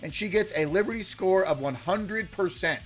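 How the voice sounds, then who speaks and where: A man's voice: sits high, normal speed, a bit bright, faint music behind. A man hosting a casual political live stream, rambling and chatting with viewers in the chat. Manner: rambling, lots of fillers and restarts, chatty with viewers. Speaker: political livestream host.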